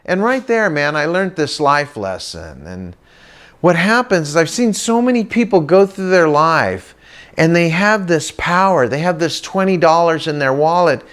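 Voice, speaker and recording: A middle-aged man doing stand-up storytelling for a crowd, his voice sitting a little high for a man. He talks in a loose, chatty way and breaks into playful sing-song impressions of the people in his story. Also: lively intonation, normal speed, smooth. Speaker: comedic motivational speaker. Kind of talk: stand-up storytelling to a live audience.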